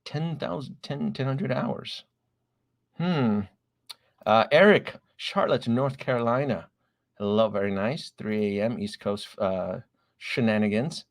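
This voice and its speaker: A man's voice: medium pitch, unhurried, no room sound. Stream host, middle-aged man, a bit breathless from a cold, chatty roll-call delivery, dry close sound. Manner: chatty, greets viewers one by one with filler "uh"s. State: recovering from a chest cold, a bit short of breath. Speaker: livestream host. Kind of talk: casual live-stream chat reading viewer names.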